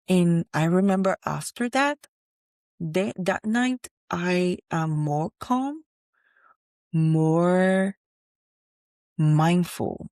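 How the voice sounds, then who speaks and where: Low-voiced mom, talks slow and candid, restarts a lot, dry sound. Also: female voice, a little mellow, no echo. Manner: candid, emotional retelling with many restarts. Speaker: vlogger, mother. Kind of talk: personal storytelling to camera.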